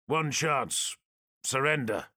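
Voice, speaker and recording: A man's voice: medium pitch, animated, slow pace, bright, forceful tone, pitched above the performer's own voice, heavily acted. A man voicing a stern armored space warrior who gives clipped commands.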